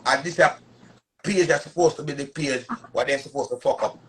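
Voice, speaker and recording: A man's voice: medium pitch, brisk, slight background noise. A man in his thirties with a Jamaican Patois accent, ranting on a casual live stream in an emphatic, repetitive, boastful way. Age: 30s.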